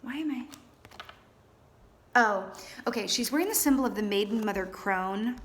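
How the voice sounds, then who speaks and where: A woman's voice: medium pitch, moderate pace, a little hiss or hum. Chatty, theatrical woman reading tarot. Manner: chatty and animated, calls viewers honey and darlings; theatrical, trained stage performer. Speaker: tarot reader. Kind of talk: casual tarot reading to camera.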